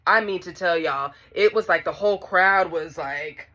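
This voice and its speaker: A woman recounts a personal story in a casual vlog, talking right to her audience. Her voice sits low but comes across bright and forceful. She tells it with lively, animated energy. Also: moderate pace. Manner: animated, talks straight to viewers. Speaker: vlogger telling a personal story.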